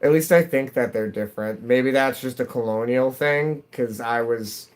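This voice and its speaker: A man's voice: medium pitch, normal speed. Brief: middle-aged male game streamer, rambly chatty talk, slightly stuffy nose, mid-range voice. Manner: rambling, self-interrupting, chatty. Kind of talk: casual chat while gaming. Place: at home.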